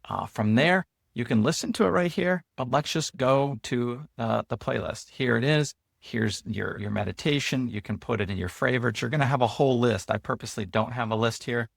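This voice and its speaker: A man hosting his own channel, walking viewers through an app in a relaxed, chatty way, loose with fillers and restarts. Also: mid-range voice, brisk, creaky, hardly any pauses, dry recording, studio quality. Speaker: host and app founder. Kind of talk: casual screen-share walkthrough.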